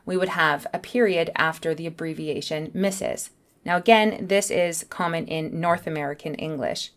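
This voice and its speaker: A woman teaching a beginner English lesson, speaking in a clear, careful way. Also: deep voice, normal speed.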